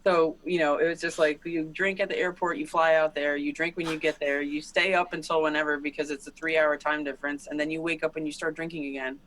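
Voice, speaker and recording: A man talking casually as a podcast guest, his voice bright and a bit higher than most. He tells loose, rambling stories full of fillers and laughs easily. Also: flat delivery, quick pace, hardly any pauses, slight background noise, rough recording. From Netherlands-born, raised in Delaware. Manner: laughs often, loose storytelling with many fillers. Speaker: guest musician.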